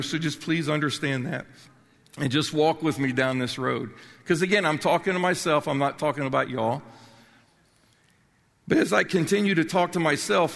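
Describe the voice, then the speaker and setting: A man's voice: a little high, vocal fry, fairly bright tone. An older man, preaching a sermon with passion and emphasis and often restarting his words. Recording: long reverb of a large hall.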